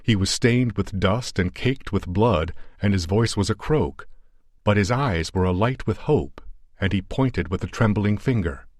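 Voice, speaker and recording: Deep-voiced man narrating an audiobook. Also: a little mellow, no room sound, studio quality. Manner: measured, dramatic reading.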